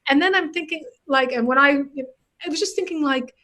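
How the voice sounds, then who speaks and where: A woman with a high voice talks earnestly in a casual comedy conversation. She is animated and reflective, and she draws on her years as a journalist. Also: a little fast.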